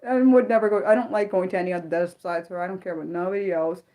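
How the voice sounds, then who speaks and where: A woman's voice: on the low side, steady tone, very fast, dark tone. A young adult woman hosting an unscripted livestream, talking earnestly in a rambling way with lots of stammered restarts and reacting to viewer comments as she reads them. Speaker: livestream host.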